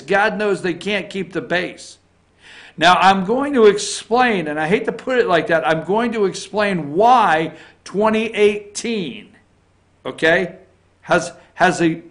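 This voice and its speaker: A man with a notably high voice hosts a morning opinion show. He delivers political commentary in an emphatic, insistent way. He repeats phrases for emphasis and keeps checking in with his audience. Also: a bit bright. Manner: emphatic, keeps checking in with "okay?" and "all right?".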